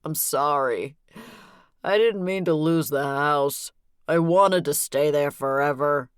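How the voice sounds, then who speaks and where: A woman's voice: low voice, slow pace, smooth, no room sound, clean studio sound. Woman voicing a shaky, remorseful older man. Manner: pleading, shaky. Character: tearful guilt-ridden older man.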